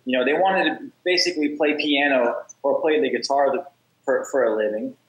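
A man's voice: medium pitch, a little fast, reverberant, rough recording. A man being interviewed on a podcast, talking energetically and acting out the people in his stories, often repeating words as he goes. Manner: energetic, acts out quoted dialogue, repeats words. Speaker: podcast guest, app founder. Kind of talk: casual interview storytelling.

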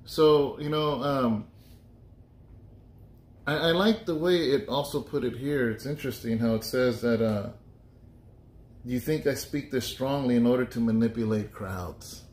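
A man's voice: medium pitch, a little slow, pauses often, darkish tone. Chatty pastor man in an echoey room. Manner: chatty and joking, thinks aloud with restarts. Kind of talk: casual Bible study talk.

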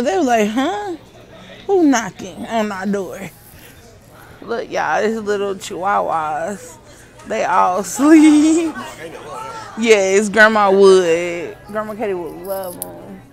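A woman's voice: mid-range voice, animated, slow, gravelly, faint music behind, some chatter behind. A woman filming a casual vlog in a pet store, cooing at puppies. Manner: cooing, baby-talk at puppies. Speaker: vlogger.

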